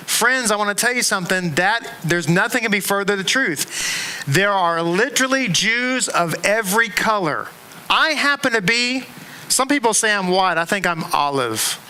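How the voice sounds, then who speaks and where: A middle-aged man teaching a class to a congregation in a synagogue classroom, speaking in an animated way, repeating words and making asides and jokes to the room. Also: sits high, poor audio.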